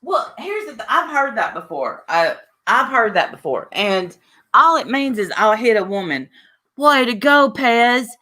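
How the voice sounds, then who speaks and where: Bright, slow-talking woman streamer. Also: a little high, big pitch swings. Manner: laughing, teasing, trash-talking. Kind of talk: casual chat.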